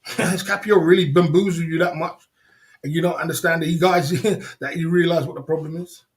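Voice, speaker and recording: A man's voice: a little high, fairly even intonation, moderate pace. A man hosting a livestream, ranting indignantly in slangy, repetitive casual talk with frequent laughs. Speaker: livestream host.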